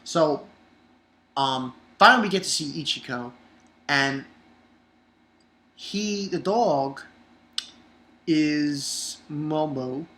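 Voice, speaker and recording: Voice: medium pitch, very slow, pauses often, pushed and bright. An anime reviewer recapping an episode in a rambling, casual way, swearing and using lots of fillers. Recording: roomy echo.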